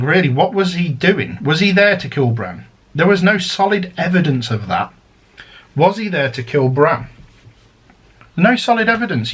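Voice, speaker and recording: A man's voice: mid-range voice, fairly bright tone. A man chatting casually as he unboxes a collector's set, rambling and drifting into fan theories. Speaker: unboxing vlogger.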